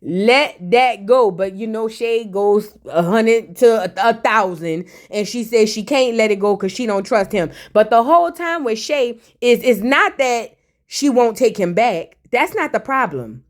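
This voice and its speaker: A woman's voice: fairly high pitch, animated, unhurried. A woman giving a blunt, sassy, casual recap of a reality TV episode, throwing in mocking asides and slang.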